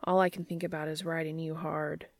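A brash, eager man talks in a hushed, urgent voice, as a woman reader puts him on. The voice is low and gravelly with creaky fry, recorded close and dry. Read for an amateur audiobook. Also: little pitch movement, brisk, dry recording.

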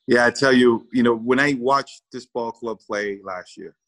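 A man who used to play baseball recounts a story during an interview, full of repeated words, performed quotes and laughter. He talks at normal speed in a medium-pitched, slightly bright voice, and the recording quality is poor.

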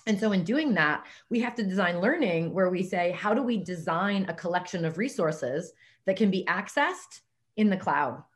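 A woman's voice: on the low side, animated, normal speed. A woman talking as a podcast guest, thoughtful and asking rhetorical questions. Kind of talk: casual interview talk.

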